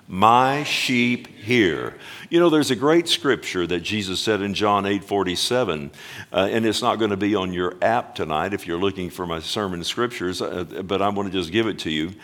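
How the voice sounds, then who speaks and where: A man preaching a Wednesday night sermon in church, calling for amens and slowing down to stress scripture. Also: low-pitched, fairly bright tone. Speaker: pastor.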